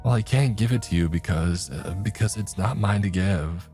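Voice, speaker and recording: A man's voice: low voice, moderate pace, warm tone, soft background music, voice pushed up, close to an everyday voice. A man voicing a nervous teenage boy who stammers and hesitates, in a horror story reading.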